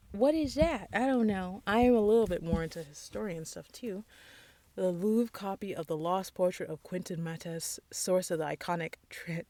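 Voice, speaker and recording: A woman casually chatting alone on a stream, thinking out loud in a rambling, playful, easily sidetracked way. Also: lowish voice, no room sound. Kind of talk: casual solo stream chat.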